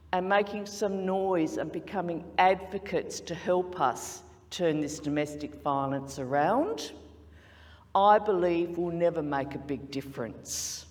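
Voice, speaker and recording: Slow, earnest Australian woman in a hall. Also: on the low side, darkish tone. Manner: earnest, emphatic, persuasive. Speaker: speech contestant. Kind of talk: prepared contest speech. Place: large conference hall.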